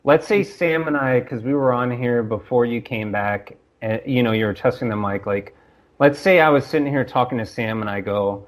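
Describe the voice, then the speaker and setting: Man with halting, repeated restarts. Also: medium pitch. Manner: halting restarts, acts out quoted dialogue. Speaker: podcast guest. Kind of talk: casual podcast discussion.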